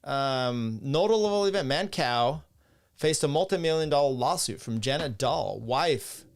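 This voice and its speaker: Gravelly middle-aged male podcast host. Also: mid-range voice, expressive, a little slow. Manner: rambling, profane, chuckling asides. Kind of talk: casual live-stream talk, reading chat.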